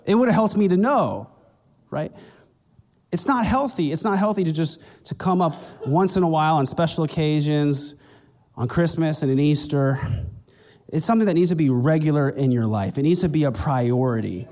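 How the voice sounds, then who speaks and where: A man's voice: on the high side, moderate pace, mellow, big-room sound. A man preaching a sermon as the pastor, speaking conversationally and raising his voice when he acts out little exchanges with churchgoers.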